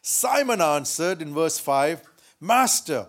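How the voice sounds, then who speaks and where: A man preaching from the pulpit, his voice pitched high and his delivery slow and unhurried. He tells a story with relish, laughing often and shouting out the lines he quotes. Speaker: pastor. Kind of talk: sermon with storytelling.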